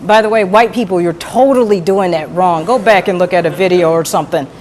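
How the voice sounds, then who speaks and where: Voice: medium pitch, fairly quick, darkish tone, a little hiss or hum. A speaker playing a media analyst on a comedy news show, delivering dry, wry commentary.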